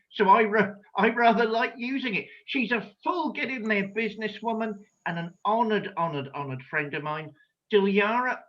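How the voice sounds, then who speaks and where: High-voiced wry male panel host. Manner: wry, theatrical introductions. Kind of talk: hosting a video call panel. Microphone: video call. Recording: dull lo-fi video call audio.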